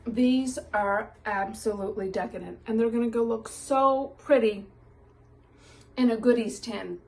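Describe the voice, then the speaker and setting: An older woman chatting enthusiastically as she bakes and tastes cookies in a casual vlog. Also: on the high side. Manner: chatty and enthusiastic, tasting food on camera. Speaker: baking vlogger.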